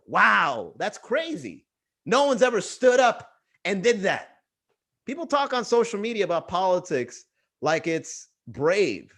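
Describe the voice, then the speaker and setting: Lively, profane man hosting a comedy stream. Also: sits high, moderate pace. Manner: profane, riffing, acts out quoted voices. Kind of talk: casual comedy livestream chat.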